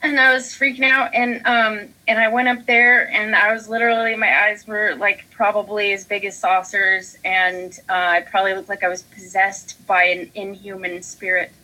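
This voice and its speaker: A woman's voice: medium pitch, little pitch movement, normal speed, few pauses, bright, forceful tone, low-quality recording. A young woman co-hosting a podcast, telling a story in casual chat and acting out her own panicked quotes. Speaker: podcast co-host.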